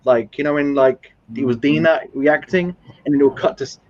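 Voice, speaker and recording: A man's voice: a little high, moderate pace, a little mellow. A man rambles through his view of a film on a casual live stream, building his point with example after example and plenty of fillers. The audio is slightly dull and lo-fi. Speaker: film discussion panelist.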